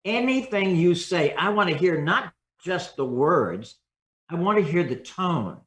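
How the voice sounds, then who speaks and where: A man in a podcast interview, coaching on how to speak. His voice sits a little high and turns expressive as he acts out different tones. The recording has a roomy echo around him. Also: a little slow. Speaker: communication coach and guest.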